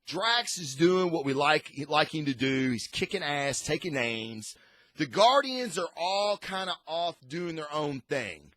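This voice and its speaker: A man's voice: fairly high pitch, animated, a little slow, sharp tone, no echo. A man hosting a casual comic book review, rambling and enthusiastic with frequent restarts.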